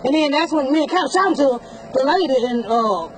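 A woman's voice: sits high, animated, a little fast, a crowd in the background, rough recording. A woman, a customer witness recounting events in a rambling, conversational way for a news interview.

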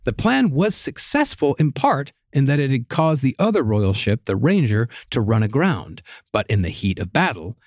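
A man hosting a podcast, telling a history story in steady narration with casual asides. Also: mid-range voice, normal speed, few pauses, no room sound, clean studio sound. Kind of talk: storytelling from notes.

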